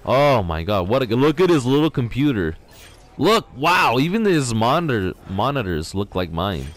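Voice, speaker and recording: A young man hosting a let's play, excitedly exclaiming and talking to his viewers from his garage. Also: mid-range voice, normal speed. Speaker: gaming channel host. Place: home garage.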